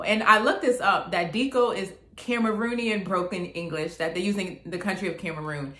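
A woman hosting her own channel, gently and earnestly explaining song lyrics line by line in a casual way. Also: mid-range voice, a little fast, hardly any pauses, roomy sound, slight background noise.

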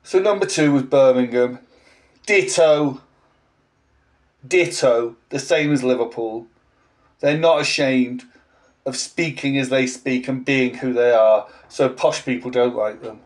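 A man's voice: mid-range voice, unhurried. A man in his forties, a language teacher, ranting in a blunt, sarcastic vlog monologue with an English accent. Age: 40s.

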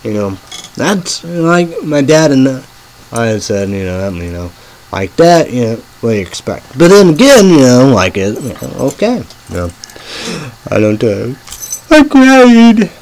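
A man rambling in a halting monologue, full of fillers, dropping to a murmur and then bursting out loud and swearing. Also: medium pitch, very animated, vocal fry, poor audio. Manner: swings from murmuring to sudden loud outbursts. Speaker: vlogger.

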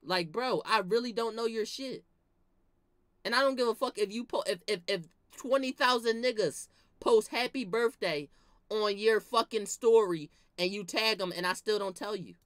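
A young man telling animated, profane comedic stories in a slangy, casual rant to his viewers. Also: high voice, normal speed, dry recording, clean studio sound. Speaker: vlogger.

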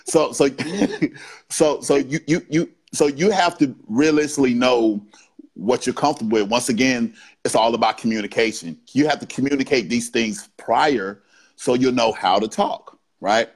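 Podcast guest, adult man, relaxed explainer who punctuates his talk with "right?". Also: medium pitch, normal speed, husky. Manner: explains in short bursts, tagging lines with "right?". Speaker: guest BDSM educator. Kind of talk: casual podcast interview talk.

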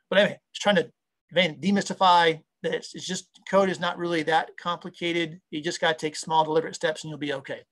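Excitable guy in his 50s, kinda high voice, rambles and cuts himself off a lot. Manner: rambling, enthusiastic, self-interrupting. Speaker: guest, audio software founder and engineer. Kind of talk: casual interview chat.

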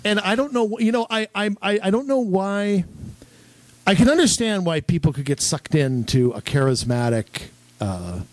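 Middle-aged male co-host, animated storyteller, higher voice with a wide range, dry close sound. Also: moderate pace, no echo. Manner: animated storyteller, repeats words when starting sentences. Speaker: podcast co-host. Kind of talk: casual chat.

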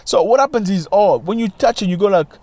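A man giving opinion commentary on current events in a video, emphatic and full of rhetorical questions, his pitch swinging widely as he argues. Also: expressive, brisk, a little mellow, dry recording.

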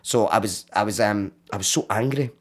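A Glaswegian man from Scotland, a podcast guest who tells his story in casual chat, animated and swearing freely. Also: on the low side, a little fast. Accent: Glaswegian Scottish. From Glasgow, Scotland. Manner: animated, swears freely, acts out quoted voices.

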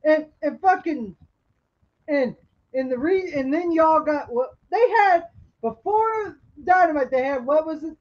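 A woman's voice: high-pitched, lively intonation, unhurried, a little mellow. A woman co-hosting a wrestling podcast, ranting bluntly with lots of swearing. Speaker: podcast co-host. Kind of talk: profane wrestling podcast rant. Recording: dull lo-fi podcast audio.

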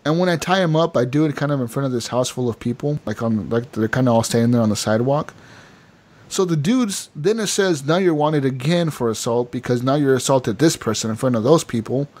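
A man chatting on a gaming podcast, telling a story at a loose, rambling clip. He keeps slipping into the voices of the people he met, piling on fillers like "like" and "you know." His voice sits at an ordinary middle pitch. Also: fairly quick. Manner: animated storytelling with quoted voices and filler words. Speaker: podcast co-host. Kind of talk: casual gaming podcast chat.

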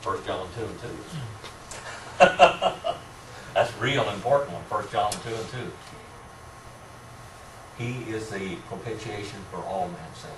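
A man's voice: fairly low pitch, slow, long pauses. A man teaching a church Bible class, asking the class questions and chuckling between points. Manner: asks the class questions, chuckles often, warm teasing. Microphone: room mic from a distance. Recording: roomy distant amateur recording with faint hiss.

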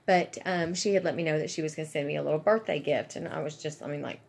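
Low, husky woman gushing. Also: fast. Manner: chatty, rambling, gushing with excitement. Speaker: vlogger. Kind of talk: casual chat to camera.

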